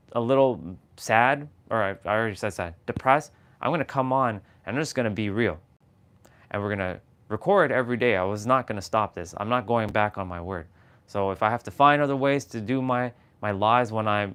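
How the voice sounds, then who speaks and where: Candid man on a low-energy livestream. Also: fairly bright tone, clean tone. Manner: candid, emotional, rambling with restarts. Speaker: livestream host. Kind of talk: casual motivational livestream. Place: at home, downstairs. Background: tuning fork tones.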